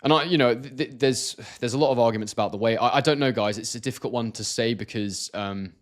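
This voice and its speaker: A man's voice: mid-range voice, fast talker. A man from Scotland hosting a casual live stream, reading out viewer comments and talking with many hesitations and restarts.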